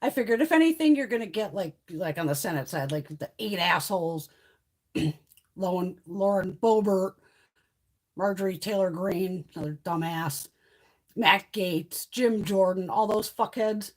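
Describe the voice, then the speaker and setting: A woman's voice: mid-range voice, lively intonation, measured pace. A woman hosting a casual livestream chat, ranting heatedly and swearing freely. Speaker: beauty vlogger hosting a livestream.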